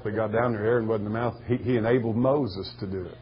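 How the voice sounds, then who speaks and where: A man preaching a sermon in a folksy storytelling way, with a husky voice. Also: on the low side, fairly even intonation, fast talker, highs cut off, a little hiss or hum. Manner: folksy storytelling, rising to shouting bursts. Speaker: pastor.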